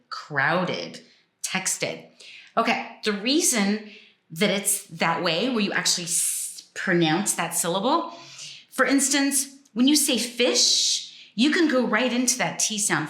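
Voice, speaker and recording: A woman teaching phonics in a casual way, slowly sounding out word endings. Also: on the low side, fairly bright tone, reverberant. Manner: slow and deliberate, sounding out words. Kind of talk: casual explanatory lesson.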